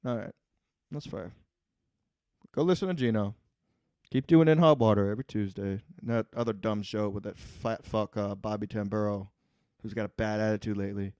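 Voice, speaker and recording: A man hosting a podcast solo, reading the live chat and ranting with lots of swearing, swinging from muttering to yelling. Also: fairly low pitch, moderate pace, dry recording, clean studio sound. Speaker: podcast host. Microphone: podcast microphone.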